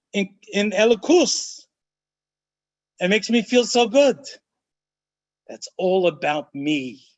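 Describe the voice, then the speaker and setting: A rabbi with a fairly high-pitched voice gives a Torah study lecture, animated and emphatic. He slows down to lean on key phrases and mixes in Hebrew and Yiddish terms as he explains. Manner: animated, emphatic teaching, often slowing to stress key phrases. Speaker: rabbi teaching a class.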